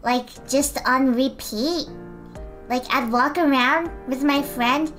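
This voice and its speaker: Giggly high-voiced young woman streamer. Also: takes it slowly, fairly bright tone, soft background music. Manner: giggly, chatty, fills silence with talk. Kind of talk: casual stream chat.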